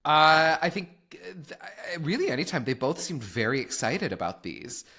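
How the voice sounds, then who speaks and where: Animated, bright-voiced male podcast co-host. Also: fairly high pitch. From Syracuse, New York. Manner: animated and gushing, quick to laugh. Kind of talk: casual chat.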